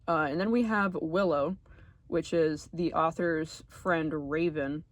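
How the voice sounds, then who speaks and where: A man giving a casual commentary video essay, chatty and full of fillers, often trailing off quietly at the ends of phrases. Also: fairly high pitch, slow pace.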